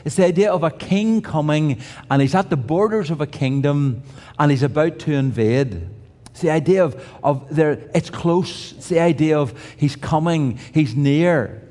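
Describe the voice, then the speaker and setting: A man's voice: on the high side, a little mellow. An older man preaching a sermon in a conversational way, with restarts and humorous asides. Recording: reverberant hall.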